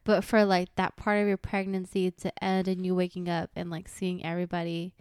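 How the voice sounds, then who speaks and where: A woman's voice: fairly low pitch, completely flat delivery, brisk, darkish tone, smooth, no room sound, studio quality. A woman hosting a podcast, asking questions and explaining things in a casual chat. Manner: engaged listener, asks and explains. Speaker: podcast host.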